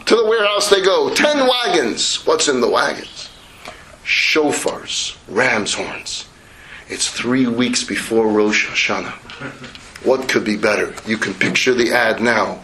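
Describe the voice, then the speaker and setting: A rabbi telling a parable to a class, lively and animated as he slips into his characters. His voice is high and bright. It carries through a roomy hall with faint noise underneath. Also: moderate pace. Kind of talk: lecture storytelling.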